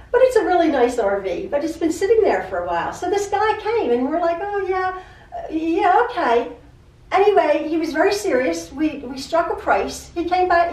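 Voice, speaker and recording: Middle-aged woman, quilting-channel host, slightly high voice; rambling chat with stammers, mic set back in an echoey room. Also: far from the mic. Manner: chatty, repeats herself, stammers and restarts. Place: home sewing room.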